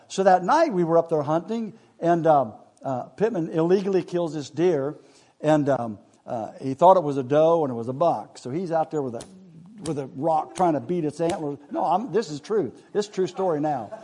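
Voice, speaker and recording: A man's voice: a little high, expressive, moderate pace, dark tone. A man, telling a rambling hunting story in a casual, folksy way with laughs along the way.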